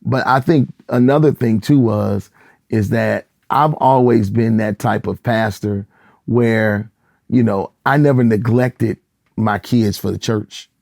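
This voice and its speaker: A middle-aged gospel singer and pastor from Michigan tells stories in a relaxed interview, with a gravelly edge to his voice. He gets animated and acts out the people he quotes. The recording is close and dry, with no room sound. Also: lowish voice, takes it slowly, dry recording. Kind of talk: casual interview storytelling.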